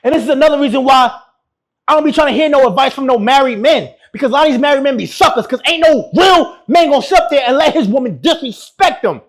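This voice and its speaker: A man's voice: very high-pitched, animated, quick pace. A man giving brash, mocking reaction commentary. He laughs often and keeps repeating his insults. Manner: laughs often while talking. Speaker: YouTube relationship commentator.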